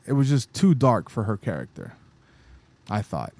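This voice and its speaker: A man's voice: fairly low pitch, wildly swooping pitch, moderate pace, creaky, a little mellow, dry recording. A man co-hosting a podcast in casual chat, easygoing and rambling, often restarting his sentences. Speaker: podcast co-host.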